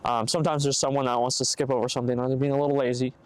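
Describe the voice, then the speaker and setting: A man's voice: mid-range voice, flat delivery, rapid-fire, clear, resonant tone. A young man hosting a casual solo podcast, giving earnest, rambling advice and acting out hypothetical conversations. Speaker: podcast host. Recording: faint background noise, bad mic.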